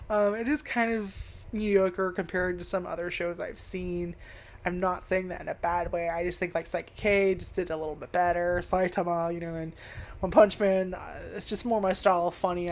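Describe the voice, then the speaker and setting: A woman reviewing an anime casually, rambling, swearing a lot and laughing often. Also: lowish voice. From United States.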